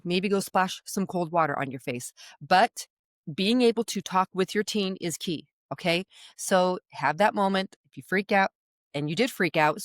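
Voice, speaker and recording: A middle-aged woman giving parenting advice straight to camera in a chatty, animated way, checking in with her listeners again and again. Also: on the low side, no echo, clean studio sound. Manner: animated, chatty, keeps checking in with "okay?" and "all right?". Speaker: parenting coach. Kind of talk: direct-to-camera advice talk.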